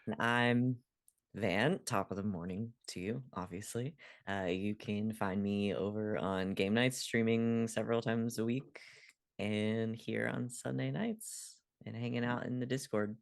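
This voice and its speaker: Gravelly, laid-back man player. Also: fairly low pitch, no room sound, clean studio sound.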